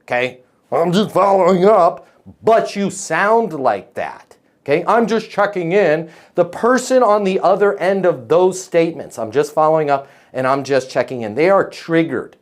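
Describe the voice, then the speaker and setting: A man leads a live sales coaching call over video, his voice sitting a little high. He talks in emphatic, punchy bursts and keeps checking in with the group. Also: expressive, normal speed. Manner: emphatic, punchy, keeps asking "right?" and "okay?".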